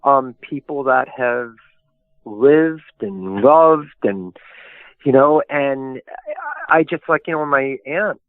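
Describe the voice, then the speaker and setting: A man's voice: medium pitch, fairly even intonation, a little slow, no room sound. A man, a historian and author, telling long rambling anecdotes in a casual interview, full of fillers. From New York area. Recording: tinny phone-like line, dry.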